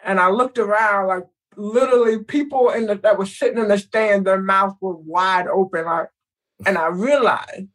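Animated woman telling a story. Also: mid-range voice, normal speed, far from the mic, low-quality recording. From Texas. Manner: animated, acts out voices in her story. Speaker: guest. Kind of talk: casual storytelling.

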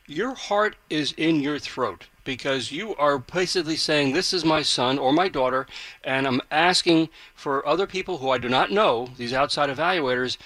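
A man's voice: fairly high pitch, pushed and bright, no room sound. A man hosting a radio interview, asking long, rambling questions full of restarts. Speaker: radio host.

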